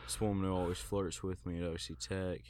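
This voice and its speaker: A man's voice: low-pitched, flat delivery, brisk, darkish tone, no room sound. A man co-hosting a podcast, chatting casually, teasing and laughing often. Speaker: podcast co-host. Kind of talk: casual chat.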